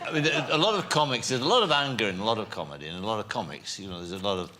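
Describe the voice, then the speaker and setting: A man's voice: lowish voice, lively intonation, very fast, very noisy. Teasing Yorkshire chat show host man. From North Yorkshire, England. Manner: teasing, conversational.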